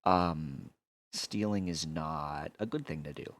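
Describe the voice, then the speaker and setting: A fatherly adventurer voiced by a man who reassures gently in a halting delivery full of fillers. The voice is very deep. The sound is dry and close. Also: no room sound, exaggerated voice. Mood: gentle. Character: patient, fatherly male adventurer.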